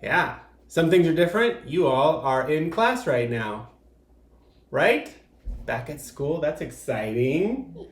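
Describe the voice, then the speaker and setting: A man's voice: fairly high pitch, sing-song, takes it slowly, reverberant. A man acting as an art teacher, giving a video art lesson for young children and patiently explaining each step, with frequent fillers.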